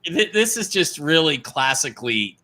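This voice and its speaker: A man's voice: fairly high pitch, sing-song, normal speed, sharp tone. Blunt, profane male talk-show host. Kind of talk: casual political chat.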